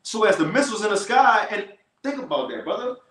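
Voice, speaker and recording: A man teaching scripture in a casual, slangy way, slowing down to read verses with emphasis. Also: high voice, sing-song, fairly bright tone, echoey room, low-quality recording. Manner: slow, emphatic scripture reading.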